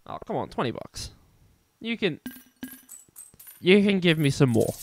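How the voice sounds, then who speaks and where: Young male game streamer, slightly high voice, unhurried, excitable and self-mocking. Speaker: gaming streamer. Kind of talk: casual gameplay commentary.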